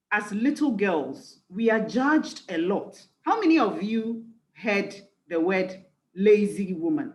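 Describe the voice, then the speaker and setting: A woman's voice: mid-range voice, echoey room, low-quality recording. Earnest woman giving a conference talk. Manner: earnest and reflective, stressing key phrases. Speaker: executive life coach and speaker.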